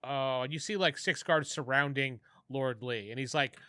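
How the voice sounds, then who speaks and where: A man running a tabletop game, narrating each scene in a relaxed, quick way. His voice is bright and forceful, and the sound is dry and close. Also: mid-range voice, no room sound. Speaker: game master.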